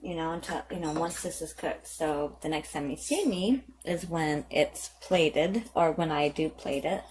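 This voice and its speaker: Woman, home cooking vlogger, casual rambling chat, lower voice, faint background hiss. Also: measured pace, few pauses, darkish tone. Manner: rambling, chatty, lots of fillers and self-corrections. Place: home kitchen.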